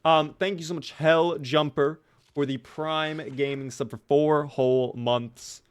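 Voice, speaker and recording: A man's voice: on the high side, fairly even intonation, measured pace, clean tone. A man streaming a game live, chatting playfully with his viewers and thanking them as he plays. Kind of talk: live gameplay commentary.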